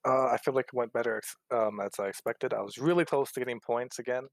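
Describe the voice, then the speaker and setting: A man's voice: medium pitch, fast talker, vocal fry, no echo. Easygoing male racer, dry sound. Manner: easygoing, filler-heavy. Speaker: guest racer. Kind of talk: casual interview.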